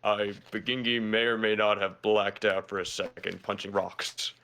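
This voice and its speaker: A man voicing an earnest hulking male warrior who talks in slow, solemn pledges, lower than his own voice, with a gravelly edge. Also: steady tone, sharp tone. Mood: dazed.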